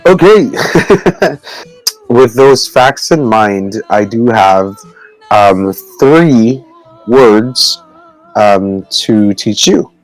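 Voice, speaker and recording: A man co-hosting a casual video call chat, teaching Tagalog words in a halting, rambling way with many fillers and frequent laughs. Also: lowish voice, lively intonation, soft background music, rough recording. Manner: laughs often between words.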